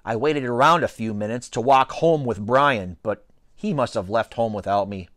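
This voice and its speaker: A man reading a children's novel aloud with an expressive, playful storytelling delivery. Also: mid-range voice, normal speed, dry recording, studio quality. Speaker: reader.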